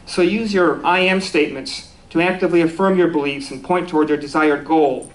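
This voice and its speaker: A man's voice: on the high side, a little fast, slight background noise, low-quality recording. A man giving a conversational sermon at a spiritual center, easygoing and self-deprecating, with restarts and small laughs.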